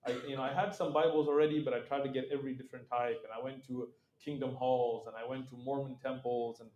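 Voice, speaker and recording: A middle-aged man as an interview guest, telling stories in a lively, casual way, acting out quoted voices and laughing often. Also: medium pitch, fast talker, reverberant, highs cut off, a little hiss or hum.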